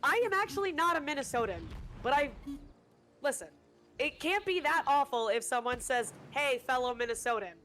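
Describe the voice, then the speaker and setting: A woman's voice: high-pitched, lively intonation, moderate pace, fairly bright tone, faint music behind. A woman live-streaming a co-op game, chatting casually and rambling with lots of fillers and restarts.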